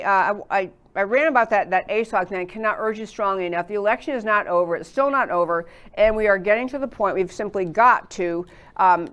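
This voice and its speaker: A woman's voice: mid-range voice, fairly bright tone, smooth. A woman hosting a political talk show, rambling through her commentary with many fillers and restarts. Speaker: show host.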